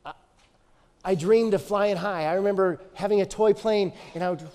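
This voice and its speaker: A man's voice: high voice, normal speed, a little mellow, in a large hall. A man in his thirties preaching a sermon as pastor, telling stories with energy and repeating phrases for emphasis.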